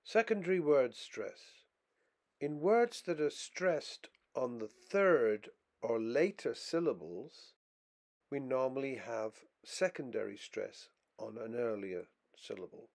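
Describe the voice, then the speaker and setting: Guy reading a pronunciation lesson, really slow and careful, hits each example word clearly. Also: mid-range voice, expressive, darkish tone. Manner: slow, deliberate, stresses example words clearly. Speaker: English pronunciation teacher. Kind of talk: scripted instructional narration.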